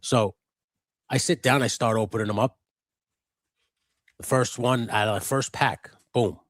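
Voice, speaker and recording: A man co-hosting a live stream, telling an animated, profanity-laced story in casual chat. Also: mid-range voice, unhurried, no room sound, clean studio sound. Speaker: co-host of a live customizing stream.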